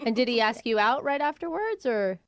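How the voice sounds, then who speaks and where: A woman co-hosting a morning radio show, chiming in with quick teasing reactions. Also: fairly high pitch, sing-song. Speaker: radio co-host.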